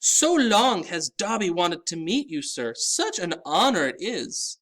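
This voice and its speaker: A man reading a storybook aloud and voicing a small, tearful, groveling male house elf in a high-pitched, excitable way. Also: a little slow, exaggerated voice. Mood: earnest. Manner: earnest, excitable, wailing.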